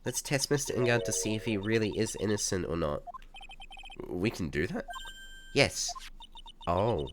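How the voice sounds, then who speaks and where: A man's voice: fairly low pitch, lively intonation, normal speed, long pauses, background noise, natural voice. A man voicing a cheerful young female sidekick in a video game read-through, speaking in an eager, chirpy way. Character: cheerful young woman, spirit medium sidekick.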